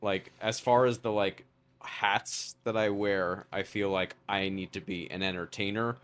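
A middle-aged man with a New York accent, swapping stories on a podcast. His voice sits a little low, and he tells each one with animation and laughter. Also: a little slow, clean tone. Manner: storytelling, animated, frequent laughs. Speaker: podcast guest, wedding photographer. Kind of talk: casual chat.

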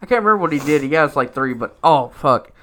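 A man's voice: a little high, animated, quick pace, bright, forceful tone. Rambling, foul-mouthed man telling stories. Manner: rambling, heavy swearing and filler words. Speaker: podcast co-host. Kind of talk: casual storytelling chat.

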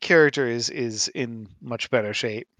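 A man's voice: mid-range voice, moderate pace, fairly bright tone, no echo. A man chats casually as a tabletop game player, joking at his own expense. His voice sits mid-range, and the recording is close and dry. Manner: self-deprecating, chatty.

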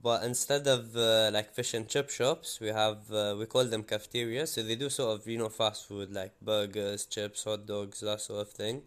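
A man's voice: fairly low pitch, flat delivery, normal speed, few pauses, fairly bright tone, clean tone. A man calling in to a podcast, explaining things hesitantly with many fillers. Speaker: caller. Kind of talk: casual chat.

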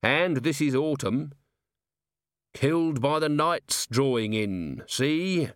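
A man's voice: mid-range voice, animated, slow pace, no room sound, voice pushed up. A man reading the part of a weary, sardonic police commander in an audiobook, dry and clipped. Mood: wry. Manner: sardonic, wry.

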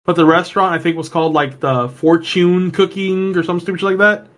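High-voiced rambling storytelling man. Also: fairly even intonation, brisk, a bit bright. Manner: rambling storyteller, swears freely. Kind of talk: casual chat.

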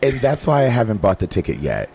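A man co-hosting a casual podcast chat, raspy with an early-morning unwarmed voice, sassy and gossipy. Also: fairly low pitch, wildly swooping pitch, quick pace, a little mellow, slight background noise. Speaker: podcast co-host.

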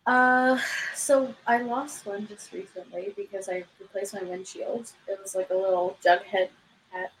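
A woman's voice: medium pitch, a little slow, slight background noise, poor audio. Chatty woman on a podcast. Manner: relaxed, chatty, easygoing. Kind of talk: casual chat.

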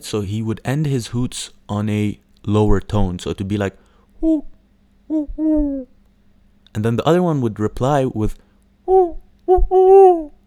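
A podcast host talks alone in a casual show, his voice lowish and dark-toned on a dry recording. He rambles with plenty of fillers, swears, and does mocking impressions.

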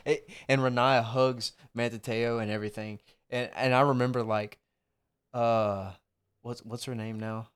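A man's voice: mid-range voice, steady tone, a little slow, clear, resonant tone. A man co-hosting a podcast, chatting loosely and swearing casually. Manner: loose, profane conversational talk. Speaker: podcast co-host. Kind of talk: casual chat.

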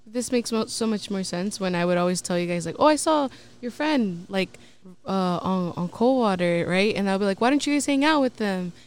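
Young guy on a podcast, high smooth voice, chimes in and tells his own stories. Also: moderate pace. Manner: reactive listener who retells his own anecdotes. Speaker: podcast co-host. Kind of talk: casual chat.

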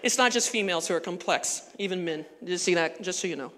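A woman pastor preaching a sermon in a church, animated and conversational with laughing asides. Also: lowish voice, quick pace, long reverb tail.

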